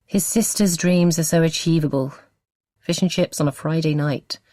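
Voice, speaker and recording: A woman narrating a novel as an audiobook, with expressive storytelling. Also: low-pitched, normal speed, no echo, clean studio sound.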